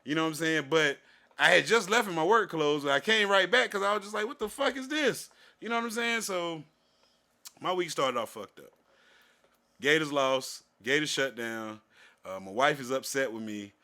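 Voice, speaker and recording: A middle-aged man, co-hosting a podcast and telling a profane story in animated, casual chat. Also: on the high side, moderate pace. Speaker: podcast co-host.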